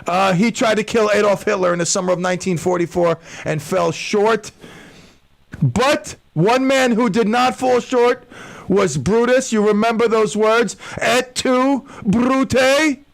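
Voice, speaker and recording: A man's voice: high voice, measured pace, gravelly. A man hosting a talk radio show, rambling in a casual monologue with stammers, restarts and jokes.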